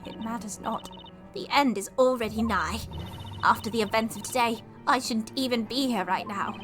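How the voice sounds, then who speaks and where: A woman's voice: on the high side, moderate pace, natural voice. A woman voicing an earnest young girl with solemn, old-fashioned phrasing in a game playthrough. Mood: accusing. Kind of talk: voicing game dialogue while streaming. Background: game music.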